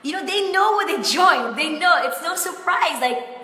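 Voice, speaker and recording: A woman coach speaks in a high, bright voice in a live-streamed coaching session. She is effusive and heartfelt, close to tears, and drops "like" into nearly every thought. Her voice carries a roomy echo with a long reverb tail. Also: lively intonation, normal speed. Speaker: business coach. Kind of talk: Facebook Live coaching talk. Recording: echoey room with long reverb.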